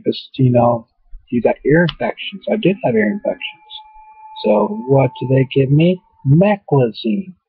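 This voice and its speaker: A man's voice: medium pitch, gravelly, slightly rough, no room sound. A man rambling through a casual webcam monologue at home, full of fillers and asides. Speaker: vlogger. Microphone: webcam mic. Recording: tinny, phone-like dry webcam audio.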